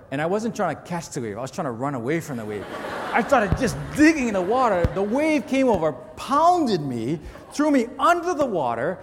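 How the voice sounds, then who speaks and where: A man with a high voice preaches a storytelling sermon, lively and poking fun at himself. His voice rings out through the long reverb of a big church hall. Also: a little hiss or hum. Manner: animated storyteller with self-mocking humor. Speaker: pastor.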